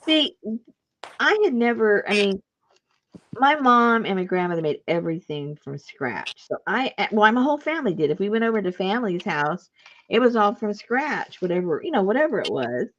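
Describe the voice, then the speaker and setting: A woman's voice: mid-range voice, big pitch swings, normal speed, a bit bright. A chatty woman storyteller in an easy conversation, laughing often as she goes and acting out the people in her stories. Her voice sits in an ordinary middle range. The sound is a little dull and lo-fi. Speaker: craft video host. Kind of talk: casual chat.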